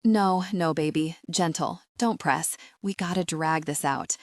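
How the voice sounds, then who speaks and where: A woman narrating an audiobook voices a confident adult male lover on the phone, speaking slowly in a low, coaxing, commanding way. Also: no echo, clean studio sound. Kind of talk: audiobook character voice.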